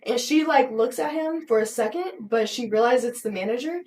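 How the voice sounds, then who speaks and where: A woman co-hosting a podcast, telling a story in a blunt, profane, animated way. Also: on the high side, brisk. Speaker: podcast co-host. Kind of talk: casual storytelling chat.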